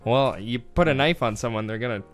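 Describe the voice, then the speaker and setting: A man's voice: medium pitch, a little fast, soft background music. A man co-hosting an improvised comedy bit, dropping laid-back, wry asides.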